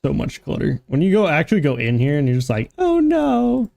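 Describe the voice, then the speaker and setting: A man's voice: medium pitch, lively intonation, quick pace, creaky, a little mellow. A man streaming a game live, chatting casually, joking, swearing and laughing at himself.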